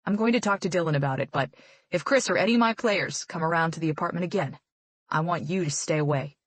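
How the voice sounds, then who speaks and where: A woman's voice: fairly low pitch, fast talker, dry recording, lightly acted. A woman voicing a stern middle-aged male football coach who gives curt, commanding orders.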